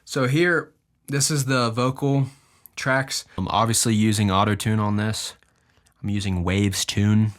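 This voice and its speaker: Young male podcast host, fairly low voice, lively casual delivery with a swinging pitch. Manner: animated, deliberately shifts his pitch up and down. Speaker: podcast host and music producer. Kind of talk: casual podcast talk explaining his own music.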